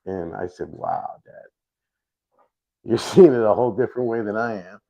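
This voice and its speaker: A middle-aged man hosting a livestream, talking in a rambling, halting way with many restarts. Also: lowish voice, creaky. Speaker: livestream host. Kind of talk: casual livestream chat. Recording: dull lo-fi stream audio.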